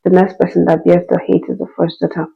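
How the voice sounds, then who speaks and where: Rich: A woman speaking in a heartfelt, earnest reflection, growing emotional and repeating phrases for emphasis. Her voice carries a gravelly edge and stays fairly level in pitch, and the recording sounds a little dull and lo-fi. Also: little pitch movement, fast. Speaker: host reading and responding to a listener's story.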